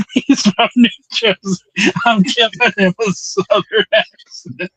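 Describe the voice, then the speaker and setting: Husky, jokey man co-hosting a podcast. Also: high-pitched, fairly even intonation, takes it slowly, fairly bright tone, dry recording, rough recording. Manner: jokey, laughing often. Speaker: podcast co-host. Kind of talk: casual chat.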